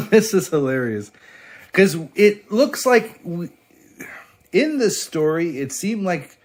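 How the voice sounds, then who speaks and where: A man casually reviewing a comic book on his vlog, excitable and profane, laughing often as he flips through pages. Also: fairly high pitch.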